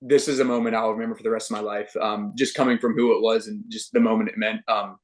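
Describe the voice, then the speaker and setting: A young man speaking in a lowish voice, rattling through a personal story at a brisk clip. He is a ballplayer guest in a relaxed interview, loose and slangy, with plenty of "like" and "dude". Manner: animated, slangy, with "dude" and "like" fillers. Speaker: guest, professional baseball pitcher.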